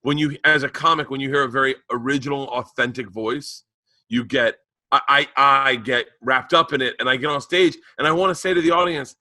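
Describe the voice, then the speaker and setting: A man's voice: fairly high pitch, a little fast, pushed and bright, no echo. A man co-hosting a podcast in casual chat, rambling and restarting his sentences over an unstable internet call. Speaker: podcast co-host.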